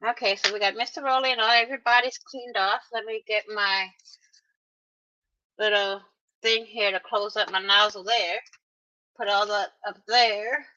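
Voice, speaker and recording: A woman's voice: mid-range voice, steady tone, moderate pace, bright, forceful tone. A woman narrating a casual crafting tutorial, chatty and talking straight to her viewers with playful little exclamations, in a dull lo-fi recording. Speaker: craft vlogger.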